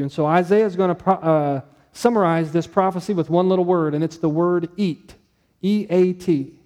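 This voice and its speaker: A male pastor with a high, mellow voice, preaching in a chatty, story-driven way. His words ring out with a long hall reverb behind them, as in a church sanctuary. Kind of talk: sermon.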